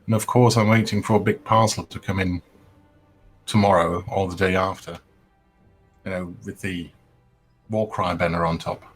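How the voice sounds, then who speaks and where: A man's voice: low-pitched, fairly even intonation, normal speed, long pauses, breathy edge, faint music behind. A man joining a casual hobby chat as a guest, speaking hesitantly with many ums and restarts.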